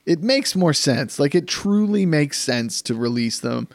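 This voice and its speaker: A man with a gravelly, fry-laced voice holds forth on a casual podcast, circling back and restarting his points as he goes. He sits close to the mic in a dry, dead room. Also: on the high side, unhurried, no echo. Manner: rambling, animated storytelling with many restarts. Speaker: podcast co-host.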